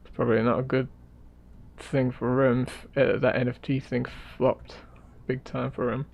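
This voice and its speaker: Over lo-fi audio, a man with a mid-range, slightly mellow voice and vocal fry speaks at a moderate pace in a level tone. He's streaming himself drawing, chatting in a relaxed, rambling way and muttering as he sketches.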